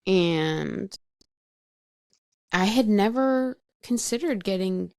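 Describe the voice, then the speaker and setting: A woman's voice: mid-range voice, lively intonation, extremely slow, darkish tone, dry recording, clean studio sound. A woman recounting her past as a podcast guest, frank and matter-of-fact, laughing at herself and peppering her talk with "like". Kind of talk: candid personal storytelling.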